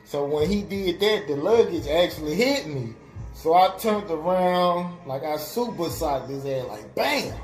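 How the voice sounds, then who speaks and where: A young man, speaking a touch higher than most men, rambles through a story with constant fillers and acted-out quotes. The room sounds echoey, and faint music plays behind him. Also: expressive, measured pace. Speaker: web radio host. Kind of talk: casual storytelling.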